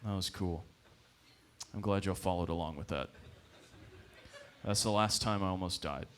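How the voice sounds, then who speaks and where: A man's voice: low-pitched, normal speed. A young man telling a loose, profane stand-up story on a comedy club stage into a handheld mic.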